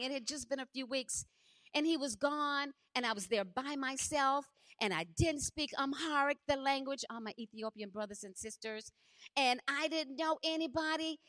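A middle-aged woman preaching a sermon, impassioned and repetitive, swinging from hushed to loud. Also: high voice.

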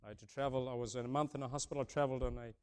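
A man over fifty from Africa preaching a sermon, booming on key points, then dropping low and soft, and repeating his phrases. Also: steady tone, rapid-fire, clean tone. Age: older, over fifty. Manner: swings between booming emphasis and hushed softness, repeats key phrases.

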